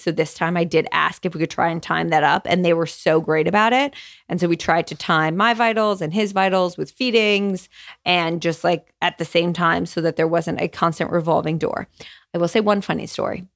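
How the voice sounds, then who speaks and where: A young woman hosts her own podcast solo, chatting candidly and casually in a lowish, gravelly voice with vocal fry. She swears freely and says "like" a lot.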